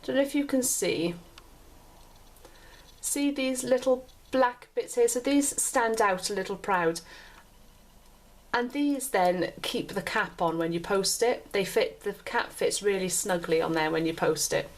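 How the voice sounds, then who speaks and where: A woman from the UK hosts a show reviewing pens, describing the pen in a chatty, casual manner full of repeated and restarted phrases. She speaks a little slowly, in a mid-range voice.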